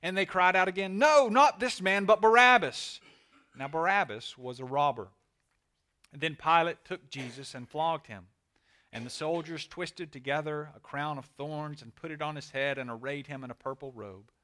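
Male pastor, earnest and measured, forceful, clear tone. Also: on the high side. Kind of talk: scripture reading and prayer.

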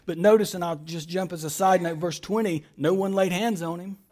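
A man with a high voice delivers a sermon. His emphasis is strong, rising on key words and falling to slow, hushed stretches. He speaks directly to his listeners, sometimes by name. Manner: emphatic, swings between loud stresses and quiet drawn-out phrases. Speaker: preacher.

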